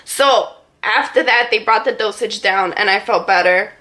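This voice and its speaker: A young woman vlogger casually telling a personal story to camera, animated and full of "like"s. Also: mid-range voice, normal speed. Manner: animated, filler-heavy retelling with many "like"s.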